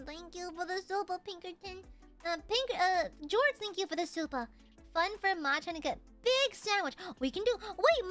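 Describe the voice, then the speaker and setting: A woman streamer chatting casually and thanking viewers for super chats, playful and prone to sudden shouting. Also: very high-pitched, animated, brisk, soft background music. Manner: playful, bursts into shouts and laughter.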